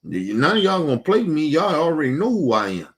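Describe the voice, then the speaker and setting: A man's voice: on the high side, very animated, brisk. A man, hosting and ranting in a heated, profane, repetitive way, casual monologue. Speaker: show host.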